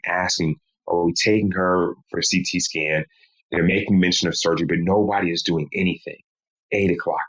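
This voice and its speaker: A man, a podcast guest, recounting a painful personal story in a slow, measured way. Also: deep voice, fairly bright tone, poor audio. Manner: slow, measured telling with pleading quoted lines.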